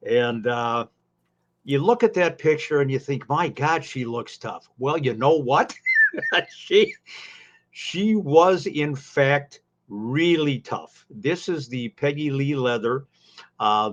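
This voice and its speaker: A former ring announcer co-hosting a podcast swaps old stories in a casual chat, unhurried and padding his lines with fillers and folksy asides. His voice has a middling pitch, and the audio sounds a little dull and lo-fi.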